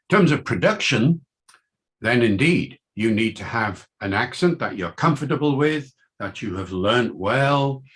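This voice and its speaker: An older man lectures as a linguist, unhurried and deliberate. He lands each point with emphasis and poses rhetorical questions to the audience. His pitch sits in a middling range for a man. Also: a bit bright. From Wales. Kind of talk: academic lecture.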